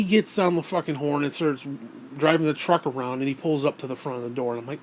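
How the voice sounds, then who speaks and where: A man's voice: on the high side, fairly even intonation, fast, a little hiss or hum. A man vlogging, telling a story in a casual, rambling way, swearing often and sounding exasperated.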